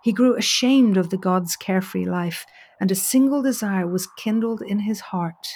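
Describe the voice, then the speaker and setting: A woman storyteller narrating a folk tale in an expressive, dramatic way. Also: mid-range voice, normal speed.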